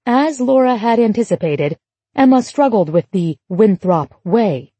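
A female audiobook narrator reading a novel in an even, literary way. Her voice is warm and mellow with a breathy edge. The recording is close and dry. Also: medium pitch, a little slow, dry recording. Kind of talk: scripted narration.

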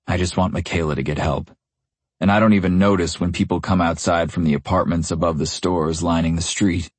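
A young man reads a first-person novel with gritty intensity. His voice is very deep and husky, recorded close and dry with no room sound. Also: no echo. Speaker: audiobook narrator.

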